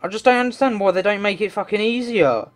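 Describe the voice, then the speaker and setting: A man's voice: high-pitched, fast. A man doing game commentary, talking to himself and swearing in frustration as he plays. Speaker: let's play gamer.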